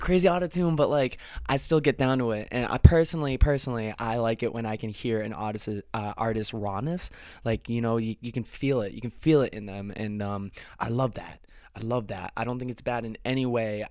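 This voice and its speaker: A man's voice: fairly low pitch, darkish tone, no echo, clean studio sound. A man, a musician, chatting casually as he reacts to a music video, gushing and repeating short exclamations of delight.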